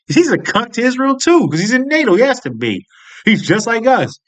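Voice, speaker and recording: A man's voice: high voice, very animated, moderate pace, a bit bright. An American man giving casual, profane commentary, blunt and incredulous. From United States.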